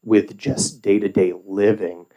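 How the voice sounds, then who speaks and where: A middle-aged man giving formal testimony as a parent at a legislative hearing, measured, with filler pauses. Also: on the low side, fairly even intonation, mellow, poor audio.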